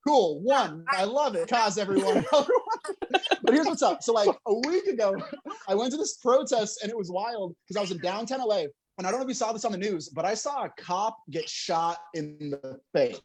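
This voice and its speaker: Young male stand-up comic, animated delivery, chuckles through his set, works the crowd. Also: sits high, normal speed. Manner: animated, laughs between jokes, crowd work. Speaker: stand-up comedian.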